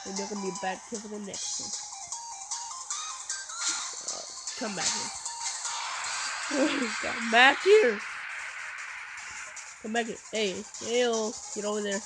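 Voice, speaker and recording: A woman giving live commentary on her own gameplay, excitable and full of playful trash talk and sudden shouts. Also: medium pitch, slow pace, pauses often, poor audio. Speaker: gameplay video host. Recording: game music playing behind. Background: game music.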